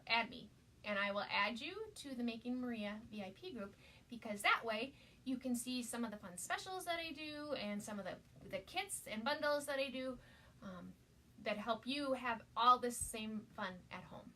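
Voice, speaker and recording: A bubbly woman hosts a live-streamed craft demo with a high, bright voice, gushing and calling out to viewers by name. She sits some distance from the mic, with a faint hiss behind her. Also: expressive, moderate pace.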